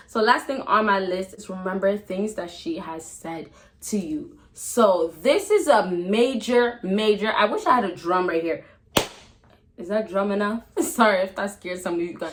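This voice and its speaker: A woman gives dating advice to camera in a casual vlog, chatty and emphatic, swinging between loud excitement and a soft, calm tone. Her pitch is fairly low, she laughs often mid-sentence, and the recording is rough.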